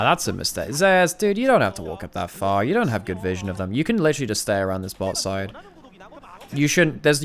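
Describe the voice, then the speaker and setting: A man giving a casual, thinking-aloud commentary review of a recorded esports match, restarting phrases as he analyzes plays. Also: medium pitch.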